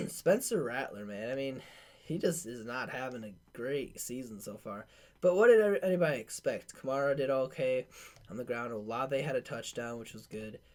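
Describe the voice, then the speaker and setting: A man's voice: medium pitch, normal speed. A man hosting a casual sports podcast, rattling off game stats with slangy filler words and loose asides. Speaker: podcast host.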